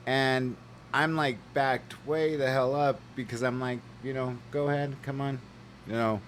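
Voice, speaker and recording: A man's voice: medium pitch, a little hiss or hum. A man telling a rambling, heated story to camera, swearing freely and full of fillers. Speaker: vlogger. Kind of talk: casual rant to camera.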